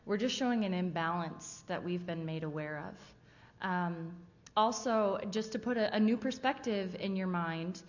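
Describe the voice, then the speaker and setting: A woman's voice: lowish voice, measured pace. Lady talking to a church crowd, loose and chatty, big echoey hall, bit muffled. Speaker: missionary presenter. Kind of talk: church presentation talk. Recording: dull sound with long hall reverb.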